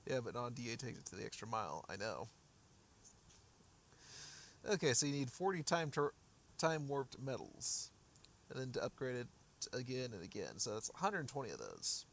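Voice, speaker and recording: A man's voice: medium pitch, very animated, moderate pace, vocal fry, long pauses, fairly bright tone, slight background noise. Rambling male game streamer. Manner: rambling, self-interrupting, answers chat. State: losing his voice. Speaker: gaming streamer. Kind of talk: casual livestream commentary.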